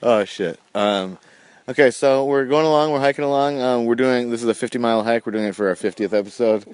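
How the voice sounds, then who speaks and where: Here the podcast host's voice is medium in pitch, a little fast and a little mellow. He keeps the chat casual and comedic, goofing around, joking and slipping into sing-song bits.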